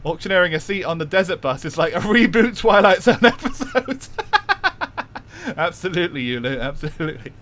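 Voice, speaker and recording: A man voicing a cheeky Cockney punk in a put-on London accent, rattling off fast auctioneer patter on a game stream. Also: sits high, animated, fairly bright tone. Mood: hawking.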